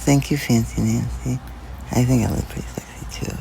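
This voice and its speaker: A man's voice: medium pitch, steady tone, normal speed, gravelly, dark tone, a little hiss or hum, low-quality recording. A man chatting casually on a livestream, rambling and swearing, his speech mumbly from a missing front tooth. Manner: rambling and profane, talking to viewers.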